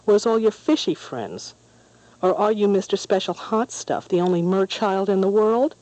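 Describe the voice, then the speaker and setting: Storybook bully boy, jeering and spiteful, mellow tone, put on by the reader. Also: mid-range voice, lively intonation, normal speed, no room sound, lightly acted, poor audio. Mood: taunting. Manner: sneering, taunting.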